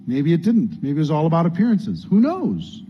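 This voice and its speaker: A man's voice: on the high side, huge pitch swings, moderate pace, dark tone, a little hiss or hum. A man coaching a training group, earnest and conversational, acting out what people might say. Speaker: business coach. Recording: dull lo-fi sound, faint room ambience.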